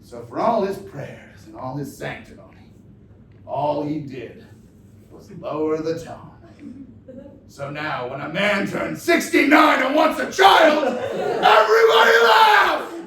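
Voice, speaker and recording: A man playing an aging filmmaker as talk show host, ranting in live improv comedy, shouting and laughing through his lines. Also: sits high, sing-song, takes it slowly, a little hiss or hum, full character voice. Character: aging male filmmaker, over-the-top, wistful and indignant. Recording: echoey live room from far off with crowd ambience.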